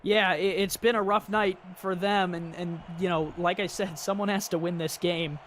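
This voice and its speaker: A man's voice: sits high, fairly even intonation, normal speed, a bit bright, a little hiss or hum. A man giving color commentary on a football game in a joking, chatty way. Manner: joking, chatty, many fillers. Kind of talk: sports commentary.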